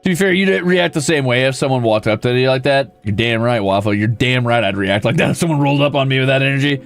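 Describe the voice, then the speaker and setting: A man streaming a building game, playful and swearing casually, who jumps into high squeals when greeting creatures and chats with viewers. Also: quick pace, soft background music. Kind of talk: live gameplay commentary.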